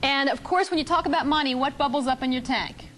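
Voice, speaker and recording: High-voiced woman leading a seminar. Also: quick pace, a little hiss or hum. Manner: animated storytelling, acting out both sides of a couple; asks the audience questions. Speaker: relationship seminar speaker. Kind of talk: live seminar talk to an audience.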